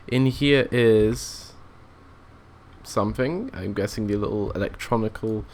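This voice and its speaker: A man's voice: fairly low pitch, measured pace, darkish tone. A young man giving casual, rambling commentary while playing a train simulator, thinking aloud and often restarting his sentences. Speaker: let's play gamer.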